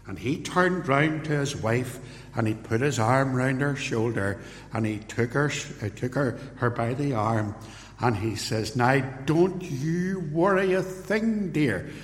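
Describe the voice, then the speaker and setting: A man in his sixties with a Northern Irish accent, preaching an expository sermon and weaving in anecdotal stories. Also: fairly low pitch. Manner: anecdotal storytelling. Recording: long hall reverb.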